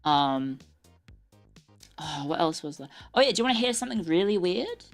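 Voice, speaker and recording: A woman's voice: fairly low pitch, big pitch swings, moderate pace, gravelly, soft background music. A young adult woman streamer chatting casually, swearing and laughing often. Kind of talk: casual live-stream chat. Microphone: desk mic with earbuds.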